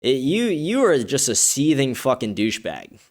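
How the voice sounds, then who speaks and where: A man hosting a livestream, reading viewer comments with profane, combative ranting that turns excited when he is pleased. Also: mid-range voice, normal speed. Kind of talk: casual streaming talk.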